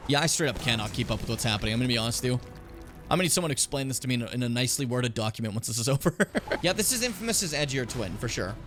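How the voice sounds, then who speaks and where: A young man streaming a video game, reacting with loud, profane outbursts, shouted taunts and frequent laughter. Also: medium pitch, lively intonation, racing, soft background music. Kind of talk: live gameplay commentary.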